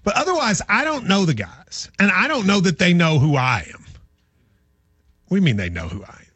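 A middle-aged man talks sports on a radio show, his voice sitting high and a little husky. He swings his pitch around as he tells stories, animated and chatty, picked up dry and close in the studio. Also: fairly quick, no echo. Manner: animated storyteller, lively and chatty. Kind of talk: casual sports talk.

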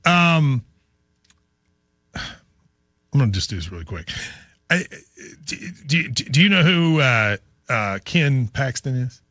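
A man hosting a sports radio show, chatting casually in rambling, animated bursts with restarts. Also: mid-range voice, slow pace, long pauses, no room sound. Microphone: studio microphone.

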